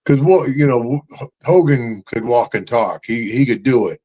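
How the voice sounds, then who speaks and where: An older man hosts a podcast, wandering through stories with laughter and calling people "brother" and "man" in a casual storytelling chat. His mid-range voice is animated and mellow at a moderate pace, though the audio sounds dull.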